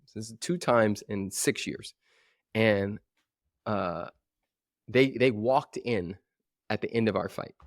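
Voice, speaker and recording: Animated man in his forties on a dry mic. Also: lowish voice, slow pace, pauses often, no echo. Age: 40s. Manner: animated storyteller who acts out voices. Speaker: guest coach. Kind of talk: podcast interview.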